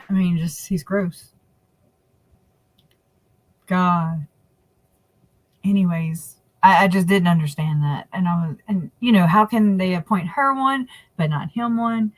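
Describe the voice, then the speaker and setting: A woman's voice: fairly low pitch, no echo, poor audio. Chatty, opinionated woman co-hosting a livestream. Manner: chatty, laughing asides, opinionated. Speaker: livestream co-host. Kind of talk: casual chat.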